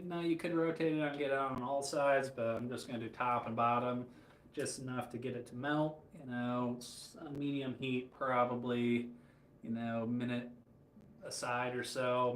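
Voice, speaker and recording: A man's voice: mid-range voice, steady tone, moderate pace, slight background noise. A man from Michigan cooking on a casual livestream, rambling and joking while answering chat. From Michigan, USA. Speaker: cooking streamer. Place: hotel room kitchen. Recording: roomy with faint ambience.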